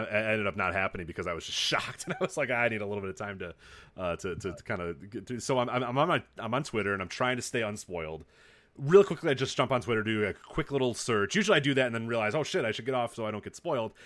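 Guy on a podcast talking fast, voice jumping all over, laughs a lot, acts out his reactions. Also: mid-range voice, a bit bright. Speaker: podcast co-host. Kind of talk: casual wrestling podcast chat.

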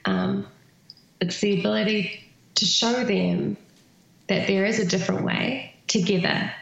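A woman's voice: medium pitch, fairly even intonation, measured pace, creaky, very echoey, lo-fi sound. A woman speaking as an interview guest, earnest and thoughtful, with many fillers. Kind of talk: reflective conversational interview.

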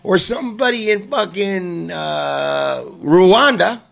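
A man hosting a casual podcast chat, emphatic and quick to chime in with agreement. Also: high voice, expressive, creaky, a bit bright. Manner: emphatic, interjects often with agreement.

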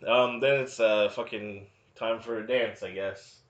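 A man's voice: on the low side, fairly even intonation, unhurried. A man in his thirties co-hosting a podcast, chatting about a movie in a sardonic, casual way with plenty of swearing. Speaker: podcast co-host. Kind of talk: casual movie review chat. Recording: echoey room, dull lo-fi sound.

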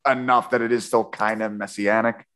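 A man's voice: fairly low pitch, flat delivery, moderate pace, fairly bright tone. A man hosting a podcast, chatting casually about a book with a guest in a rambling, jokey way. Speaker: podcast host. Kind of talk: casual book-club chat.

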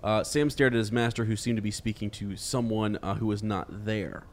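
A man's voice: fairly low pitch, steady tone, normal speed. A man in a casual book discussion who teases, laughs easily and reads passages aloud with many fillers.

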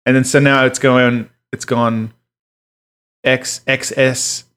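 A man's voice: mid-range voice, level tone, takes it slowly, a bit bright, clean tone. A man co-hosting a podcast in casual chat, explaining at length and swearing offhandedly. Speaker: podcast co-host.

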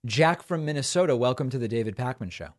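A male talk show host fielding calls in an easygoing, chatty way. His voice sits at an ordinary middle pitch, and he laughs easily between points. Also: animated, quick pace. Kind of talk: casual call-in chat.

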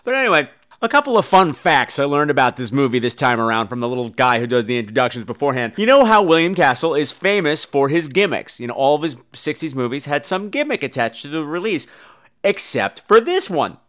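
A man's voice: a little high, very animated, fairly quick, fairly bright tone. A man hosting a podcast, giving a casual comedic movie review in a campy, profane storytelling manner. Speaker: podcast host, film reviewer.

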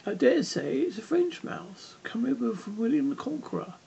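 A reader giving a polite, curious young girl a lifted voice in a halting storybook reading. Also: medium pitch, sing-song, creaky, dark tone, voice pushed up. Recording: dull lo-fi with faint noise.

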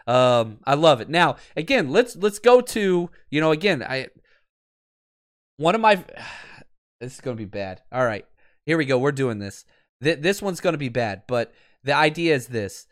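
Brief: chatty male livestream host, animated, quick to laugh, fairly high voice. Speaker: podcast host; teacher and football coach. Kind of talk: casual livestream chat.

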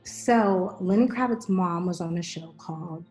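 A middle-aged woman hosting a podcast, chatting casually and telling animated stories with acted-out quotes. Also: lowish voice, a little slow, soft background music. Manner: animated storyteller, acts out quotes. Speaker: podcast host. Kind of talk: casual chat.

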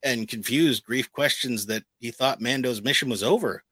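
A man co-hosting a podcast, reading a plot recap in a steady narrating tone with quick casual asides. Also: medium pitch, breathy edge, no echo, low-quality recording. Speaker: podcast co-host recapping an episode.

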